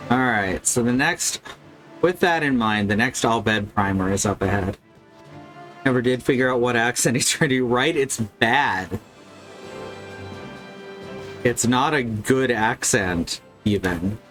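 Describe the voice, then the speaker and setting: Slow, wry male game streamer. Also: medium pitch, music in the background. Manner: casual, wry, critical. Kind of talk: live game commentary.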